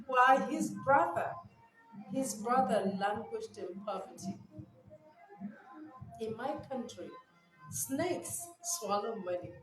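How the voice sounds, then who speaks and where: Laughing, animated woman commentator. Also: a little high. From Nigeria. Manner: animated, incredulous, laughs often. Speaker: news commentator. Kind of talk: casual commentary vlog. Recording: echoey room with background music.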